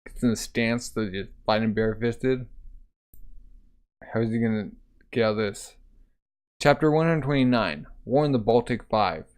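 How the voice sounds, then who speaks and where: A man's voice: mid-range voice, moderate pace, long pauses. A man reading a manga aloud in a loose, conversational way, narrating the panels with lots of fillers. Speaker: manga reader. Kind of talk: casual manga read-aloud.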